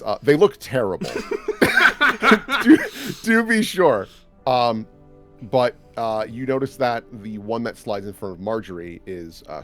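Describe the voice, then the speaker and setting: A man narrating a tabletop game as game master, in a casual, rambling way, full of fillers and laughter. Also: low voice.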